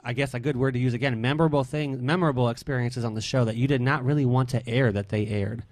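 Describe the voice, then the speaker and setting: A man's voice: mid-range voice, fairly even intonation, fast, darkish tone. A man hosting a radio interview, talking loosely and emotionally, with long rambling questions. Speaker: radio show host. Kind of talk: casual interview.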